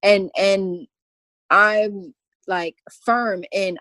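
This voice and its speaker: A woman's voice: mid-range voice, moderate pace, dry recording. A woman speaking as a podcast guest in casual conversation, emphatic and goofy, often breaking into laughter.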